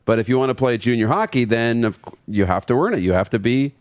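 A man's voice: mid-range voice, lively intonation, no echo. Agreeable male sports co-host, dry studio. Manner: agreeable, quick to back up the host with firm short takes. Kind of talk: casual sports talk.

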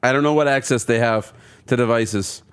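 A man's voice: mid-range voice, normal speed, smooth. Easygoing radio co-host, a man. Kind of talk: casual radio banter.

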